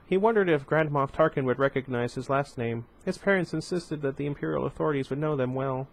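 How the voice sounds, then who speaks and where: A man's voice: mid-range voice, a little fast, gravelly. A man reading a novel aloud for his channel, with casual asides and occasional self-corrections. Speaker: book reader.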